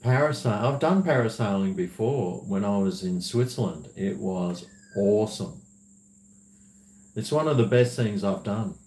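A man's voice: fairly low pitch, expressive, a little slow, a little mellow. A man who hosts a livestream, chatting casually, rambling and laughing as he reads viewer messages. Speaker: livestream host. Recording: roomy echo.

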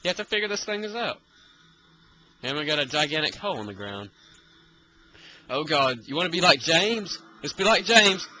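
Lively bright-voiced man gaming. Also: a little high, moderate pace, pauses often, a little hiss or hum, low-quality recording. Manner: exasperated, keeps urging and taunting the enemy. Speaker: let's play gamer. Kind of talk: live gameplay commentary.

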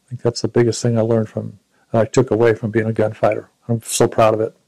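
A man in his seventies from the United States, a veteran recalling his service in a reflective, halting way. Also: lowish voice, completely flat delivery, vocal fry, dark tone, poor audio. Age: 70s. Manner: reflective, halting storytelling with frequent restarts. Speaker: Vietnam War veteran interviewee. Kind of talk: recounting personal memories.

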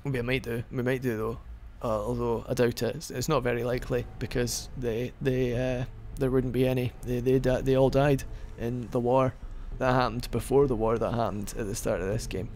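A man talks his way through a video game in loose, joking commentary, wandering off topic and restarting his sentences. His voice has a gravelly, creaky edge, and a faint hiss sits behind it. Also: mid-range voice, little pitch movement, moderate pace, few pauses, darkish tone. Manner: rambling, joking, with frequent restarts. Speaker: gaming video host. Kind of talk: casual let's-play commentary.

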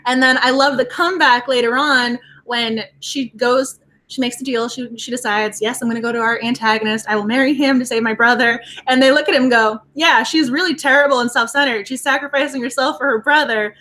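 Bright high-voiced woman chatting about books. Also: brisk. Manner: animated, reads quotes aloud with feeling. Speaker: book club co-host. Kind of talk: casual book discussion.

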